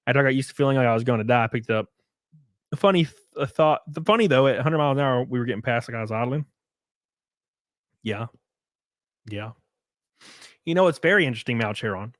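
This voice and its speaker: A man's voice: mid-range voice, expressive, fast talker, pauses often, dry recording, studio quality. A man streaming casually, reading viewer comments and effusively thanking them in a loose, profane way. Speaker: streamer and race car driver.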